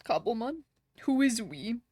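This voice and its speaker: A woman's voice: fairly high pitch, very animated, unhurried, darkish tone. A woman live streamer chatting casually with her viewers, reading their comments and laughing often.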